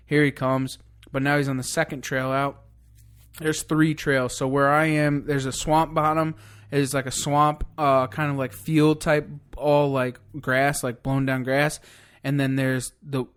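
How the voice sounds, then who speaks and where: Excited man telling a hunting story. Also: medium pitch, measured pace, clean tone. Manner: excited, swears a lot, rambling hunting story. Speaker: podcast guest. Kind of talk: casual storytelling.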